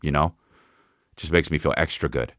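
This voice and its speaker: A man's voice: a bass voice, normal speed, a bit bright, dry recording, studio quality. A man hosting his own podcast, telling rambling, profane comic stories and imitating voices and sounds along the way. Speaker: podcast host. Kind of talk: casual comedic monologue.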